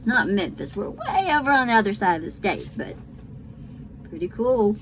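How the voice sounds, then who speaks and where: A woman reading a children's book aloud to a class, tender and unhurried. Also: medium pitch, very animated, slight background noise, rough recording. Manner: slow, tender storytelling.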